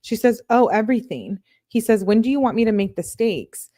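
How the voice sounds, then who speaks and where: A woman's voice: on the high side, expressive, a little fast, warm tone, no echo, studio quality. A young woman reading text messages aloud as a true crime commentator, with casual chatty asides.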